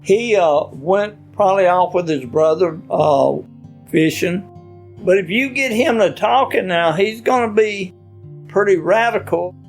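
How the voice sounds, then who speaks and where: A man, telling stories in a casual interview in a rambling, halting, folksy way. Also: high voice, faint music behind. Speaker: interviewee, stepfather.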